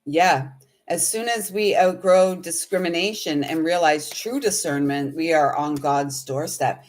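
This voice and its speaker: A woman with a low voice, speaking a little slowly, hosts a casual spiritual livestream as a spiritual host and intuitive reader. She chats and rambles while reading viewer comments aloud.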